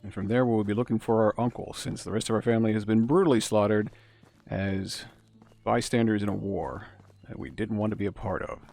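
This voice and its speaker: A man's voice: fairly low pitch, fairly even intonation, brisk, gravelly, darkish tone, soft background music. A man giving chatty, musing commentary as he streams a game. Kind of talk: casual gameplay commentary.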